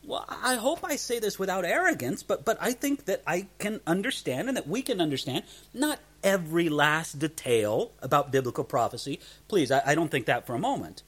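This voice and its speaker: Male Bible teacher, slightly higher voice, earnest, stumbles and restarts phrases. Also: very animated, fairly quick, hardly any pauses, fairly bright tone, breathy edge. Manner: earnest, repeats words when starting sentences.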